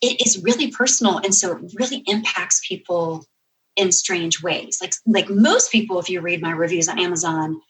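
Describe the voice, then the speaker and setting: A woman guest on a podcast telling funny stories, animated and full of "like" and "you know.". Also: on the low side, normal speed, far from the mic, low-quality recording. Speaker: guest, comedy author. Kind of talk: podcast interview, storytelling.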